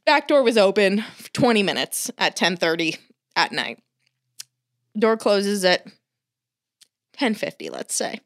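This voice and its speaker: Profane, animated woman telling a story. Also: medium pitch, a little slow, long pauses. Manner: animated, swears a lot, acts out quotes.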